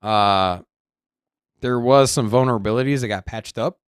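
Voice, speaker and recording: A man's voice: mid-range voice, normal speed, clear, resonant tone, dry recording, studio quality. A man co-hosting a casual crypto news show, talking animatedly with frequent restarts. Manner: animated, restarts often, greets the chat loudly. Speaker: co-host.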